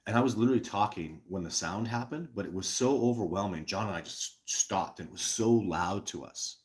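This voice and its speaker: A man with a very low voice hosts a live stream and answers viewers' questions. He talks in an excitable, emphatic way, doubling back on words and restarting sentences. Now and then he punches out a single word loudly. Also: brisk. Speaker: host of a live show.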